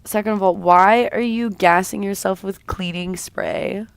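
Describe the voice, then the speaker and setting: A woman's voice: mid-range voice, fairly even intonation, unhurried, gravelly, smooth, no room sound. A woman streamer chatting casually with her viewers while she draws, her voice sounding a bit sick. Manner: chatty, talks while drawing, reads and answers chat. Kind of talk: casual drawing livestream chat.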